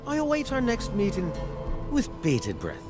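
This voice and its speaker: An actor with an Irish accent playing a sly, scheming male saloon owner in a video game, talking in a smooth, sardonic, wheedling way. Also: high voice, wildly swooping pitch, moderate pace. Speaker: game character. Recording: game audio with music underneath.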